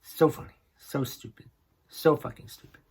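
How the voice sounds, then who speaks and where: A man's voice: moderate pace, a little hiss or hum. A man hosting a comedy podcast, ranting in a grumpy, exasperated and profane way about things that annoy him. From northern New England. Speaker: podcast host. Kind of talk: comedic rant.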